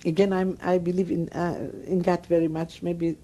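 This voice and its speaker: Older woman from Greece, Greek accent, non-native English, warm low-bright tone, emphatic oral-history speaker. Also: little pitch movement, normal speed. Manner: broken English, emphatic and repetitive storytelling. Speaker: Holocaust survivor interviewee.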